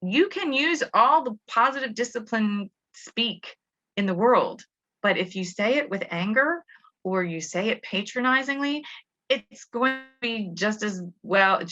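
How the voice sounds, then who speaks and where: A woman's voice: mid-range voice, bright, forceful tone. A middle-aged woman educator giving a casual talk to parents, chatty, with frequent restarts and fillers. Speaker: Montessori school educator. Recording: dull lo-fi audio.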